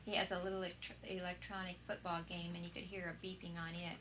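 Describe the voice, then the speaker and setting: A woman's voice: fairly low pitch, level tone, quick pace, a bit bright. Chatty mother on a noisy recording. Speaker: parent of an implanted child. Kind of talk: casual conversation. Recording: noisy old video recording.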